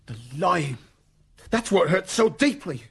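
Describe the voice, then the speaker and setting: A man's voice: sits high, very animated, takes it slowly, vocal fry, breathy edge, full character voice. An actor playing an earnest young Royalist officer who pleads passionately for his faith and king, in a 1970s radio drama. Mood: anguished. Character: young Royalist officer, devout, principled, torn.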